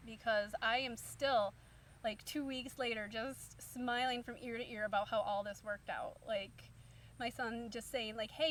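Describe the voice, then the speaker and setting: A woman's voice: fairly high pitch, a bit bright. A woman in her thirties, a stay-at-home mom, telling a story to camera in a chatty, upbeat way full of fillers. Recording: distant mic, faint background hum.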